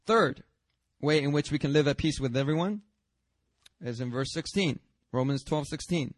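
A pastor preaching a sermon in a lively, conversational way, with self-deprecating humor and chatty asides. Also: male voice, fairly high pitch, moderate pace, dry recording, studio quality.

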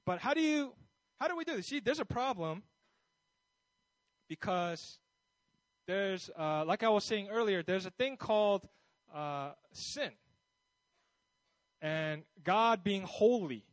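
A man's voice: high-pitched, lively intonation, measured pace, pauses often, dry recording, poor audio. A man preaching a sermon in a conversational way, often restarting his sentences and checking in with his listeners. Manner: conversational, with many restarts and asides. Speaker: pastor.

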